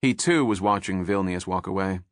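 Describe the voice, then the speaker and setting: A man narrating a thriller audiobook in a measured, steady scripted style. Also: low voice, no room sound, studio quality.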